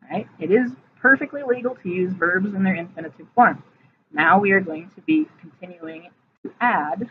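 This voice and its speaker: Woman, Spanish teacher in a recorded lesson; methodical, checks in with "right?"; tinny lo-fi audio. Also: lowish voice. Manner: explains step by step, checks in with "right?". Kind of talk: recorded vocabulary and grammar lesson. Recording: tinny lo-fi audio with faint hiss.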